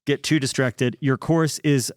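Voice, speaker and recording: A man co-hosts a relaxed podcast conversation. He tells stories and picks up speed when he gets excited. His voice sits in a middle pitch, and the sound is dry and close. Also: smooth, dry recording. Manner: storytelling, quick bursts when excited. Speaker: podcast co-host. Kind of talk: casual interview chat.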